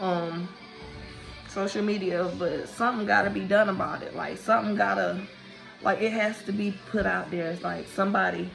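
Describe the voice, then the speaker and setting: A woman's voice: mid-range voice, fairly even intonation, moderate pace, creaky, a bit bright, soft background music. A woman in her thirties telling a family story on her vlog, emotional and rambling, fighting back tears and apologizing as she goes. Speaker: vlogger. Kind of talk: casual storytime.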